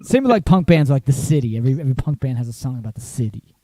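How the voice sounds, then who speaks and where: A man's voice: mid-range voice, very animated, rapid-fire, mellow, dry recording. A man hosting a casual music chat show, joking and laughing often. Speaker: show host.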